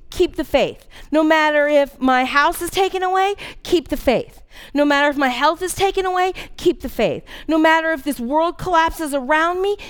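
A woman in her forties preaching a sermon, earnest and candid, telling a personal story with dramatic emphasis. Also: high-pitched. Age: 40s.

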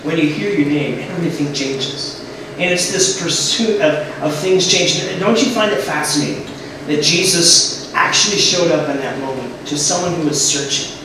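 A man with a somewhat high voice delivers a sermon as a relaxed storyteller. He keeps it conversational, asks his listeners questions and slows down to let key lines land. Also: noisy background. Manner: storytelling, conversational, with rhetorical questions and slow pauses for emphasis. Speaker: pastor.

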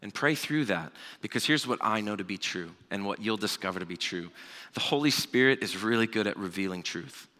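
A man in his thirties preaching a sermon, telling a personal story in a relaxed conversational way with asides. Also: lowish voice, brisk. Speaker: pastor. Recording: long hall reverb.

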